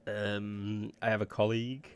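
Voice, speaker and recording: A man puts on a fussy middle-aged German woman linguist for a tabletop game. She speaks with a German accent in slow, halting bursts and trips over her own titles. The voice sits a little higher than his usual low tone. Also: level tone, very noisy, natural voice. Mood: helpful.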